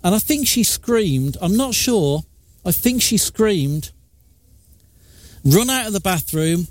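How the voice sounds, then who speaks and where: A man hosting a live radio show, telling a jokey story in a chatty, animated way. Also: high-pitched, slow, pauses often, soft background music. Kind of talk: casual radio chat. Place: radio studio.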